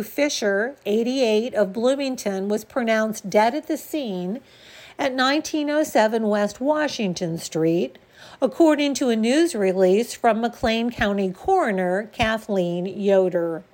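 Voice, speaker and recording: A woman reading local radio news and history items in a measured, deliberate way, with the odd stumble. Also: fairly high pitch, a little mellow. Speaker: news reader.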